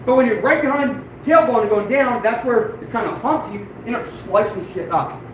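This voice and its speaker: A man with a very high-pitched voice talks at a moderate pace, and the sound is lo-fi. He's a fur trapper doing a casual live-stream demonstration, chatting to viewers while he works, swearing a lot and grumbling at himself in a frustrated, self-deprecating way. The room is echoey, the mic sits far off, and there's background noise.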